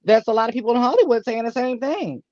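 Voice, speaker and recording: A woman co-host speaks calmly in a casual livestream chat. Her voice comes through dull and dry, with a muffled, roomless sound. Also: on the high side, fast talker, no echo.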